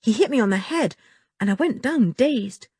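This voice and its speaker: A woman's voice: a little high, animated, normal speed, mellow, husky, no room sound, studio quality, voice pushed up. Woman voicing a plucky hurt young boy in a storybook. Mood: earnest.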